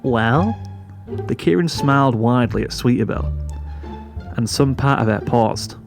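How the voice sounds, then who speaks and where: A man reading a pony fan story aloud as narrator, in a steady storytelling manner. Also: medium pitch, normal speed, creaky, soft background music.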